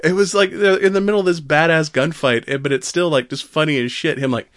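Male co-host, casual and animated, acts out lines, dry room. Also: a little high, brisk, dry recording. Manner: animated, laughs often, acts out quotes. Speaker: podcast co-host. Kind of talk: casual chat.

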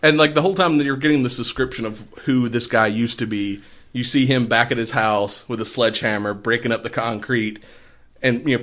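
A man in casual chat, rambling through a movie plot with many fillers and quick acted-out quotes. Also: medium pitch, a bit bright. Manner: rambling, retells scenes with quick put-on voices.

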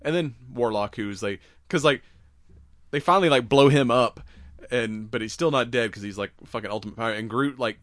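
A man's voice: medium pitch, brisk, no echo, studio quality. A young man hosting a podcast, rambling through a movie recap in casual chat, full of swearing and acted-out lines. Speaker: podcast host.

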